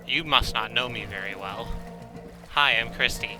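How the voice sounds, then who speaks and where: A man streams a game with casual, rambling commentary, joking and poking fun at himself. His voice is mid-range at normal speed, the audio is poor, and in-game car radio music plays loudly behind him.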